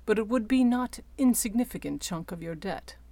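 A woman voicing a composed, polite male debt collector who speaks quietly and formally. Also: medium pitch, expressive, normal speed, no echo, voice pushed up.

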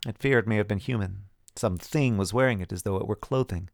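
A man voicing a calm older man who speaks quietly, level and uncompromising, in a storybook reading. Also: lowish voice, brisk, vocal fry, no room sound, clean studio sound. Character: calm, stern older male scholar.

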